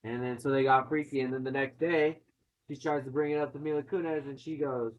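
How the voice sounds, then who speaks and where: A man's voice: medium pitch, steady tone, a little fast, muffled recording. A man casually retelling a film's plot, swearing and acting out quotes, in a chatty movie-recap conversation.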